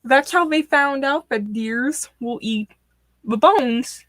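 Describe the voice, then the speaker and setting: A woman's voice: high-pitched, slow, no room sound. A woman as a stream guest, chatting casually and telling morbid stories with dry humor. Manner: storytelling, morbid deadpan humor.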